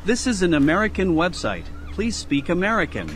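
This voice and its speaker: A man's voice: high voice, very animated, brisk, crowd noise. Man asking questions in a pirate role-play. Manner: plays along as a pirate crewman. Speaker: stream host reading questions.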